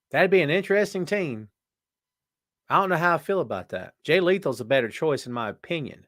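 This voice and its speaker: A man's voice: fairly high pitch, lively intonation, brisk, fairly bright tone, dry recording, studio quality. A man hosting a casual live show, chatting and joking as he reads viewer comments aloud. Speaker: podcast host. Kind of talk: casual live-stream chat.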